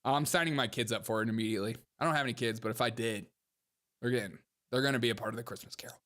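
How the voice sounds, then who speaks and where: A man's voice: medium pitch, rapid-fire, a bit bright. A young man hosting a commentary show, reacting to clips in a mocking way, laughing often and talking to his chat.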